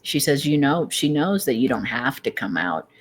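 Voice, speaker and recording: A woman giving a channeled tarot reading, gently relaying spirit messages with soft laughs and meandering phrasing. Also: extremely low pitch, big pitch swings, normal speed, breathy edge. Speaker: psychic tarot reader.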